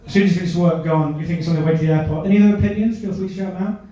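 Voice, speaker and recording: A man performs stand-up, bantering with people in the crowd. His voice sits high. The sound is caught from off the stage in a very echoey club. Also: fairly even intonation, racing, warm tone, far from the mic. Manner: chatty, chases audience members with questions. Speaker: stand-up comedian. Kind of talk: stand-up set with crowd work.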